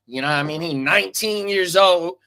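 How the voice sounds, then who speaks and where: A man's voice: sits high, brisk, sharp tone, smooth. A man co-hosting a podcast in casual chat, slangy, repeating his catchphrases and reading out viewer comments. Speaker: podcast co-host.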